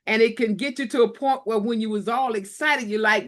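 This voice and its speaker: A woman's voice: on the high side, brisk, a bit bright. A woman hosting a book launch, giving an emotional, preachy motivational talk full of repetition. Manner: preachy, repetitive, tearful at times. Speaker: book collaboration host.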